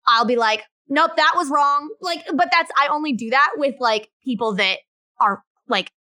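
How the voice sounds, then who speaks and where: A woman co-hosting a podcast in casual chat, animated and acting out quotes with big enthusiasm. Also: fairly high pitch, moderate pace, dry recording, clean studio sound. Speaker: podcast co-host.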